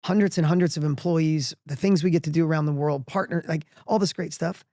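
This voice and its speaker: A middle-aged man telling a personal story as a podcast guest, energetic and emphatic, often restarting his sentences. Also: a little high, brisk, no room sound, clean studio sound.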